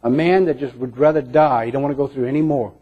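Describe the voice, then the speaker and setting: A man preaching a sermon in an earnest way, moving between emphatic lines and hushed ones. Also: mid-range voice, fairly even intonation, quick pace, breathy edge. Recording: dull lo-fi recording.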